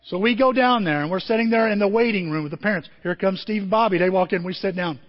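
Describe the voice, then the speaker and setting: Older preacher with a high, animated voice. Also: male voice, quick pace. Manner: animated storytelling with acted-out quotes. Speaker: pastor. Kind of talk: sermon. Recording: dull audio in a long-reverb hall.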